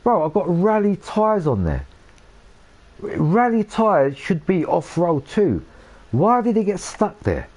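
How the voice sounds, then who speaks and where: A man's voice: high voice, huge pitch swings, takes it slowly, a little mellow. A young man commenting casually on his gameplay for viewers, swearing often and getting worked up. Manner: swears a lot, talks to his viewers, flares up in frustration. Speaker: live-streaming gamer.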